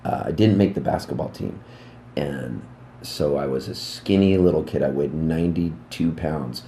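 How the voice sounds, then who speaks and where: Deep-voiced man telling rambling stories. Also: normal speed, echoey room, slight background noise. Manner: rambling, animated anecdotes. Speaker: musician guest. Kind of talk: casual interview storytelling. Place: backstage room at a music club.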